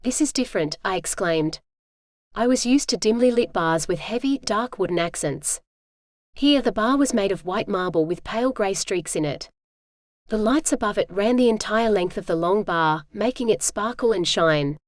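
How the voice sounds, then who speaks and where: A woman reading a romance audiobook in the first person, smooth and measured, on a close mic. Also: medium pitch, animated, no room sound. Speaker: audiobook narrator.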